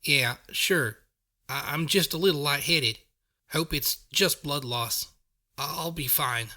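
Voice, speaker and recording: A man voicing a poisoned young pegasus mare who speaks softly and weakly in an audiobook. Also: fairly high pitch, takes it slowly, heavily acted. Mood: shaky. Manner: soft, breathy, weak.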